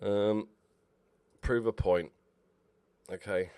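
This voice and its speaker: A man commentating over his own football management game, excitable and swearing at his players. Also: fairly low pitch, drawn-out words, clean tone, dry recording. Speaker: gaming YouTuber. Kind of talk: Let's Play commentary.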